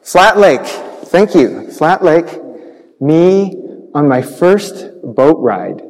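Animated man telling a children's sermon. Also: a little high, very slow. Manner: animated storytelling with sound effects. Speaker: pastor. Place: church sanctuary. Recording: long church reverb.

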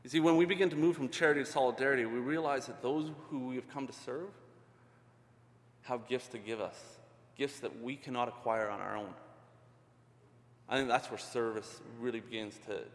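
Middle-aged man, earnest conversational preacher, mid-pitched, long hall reverb. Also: brisk. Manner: earnest, conversational, many restarts. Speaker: ministry leader. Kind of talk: sermon.

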